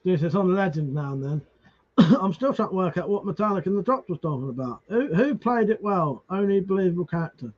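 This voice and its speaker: A man's voice: high voice, lively intonation, a little fast. A man chatting casually with viewers on a live stream, reading comments, greeting them by name and swearing freely. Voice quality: swears freely, restarts words. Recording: dull lo-fi stream audio.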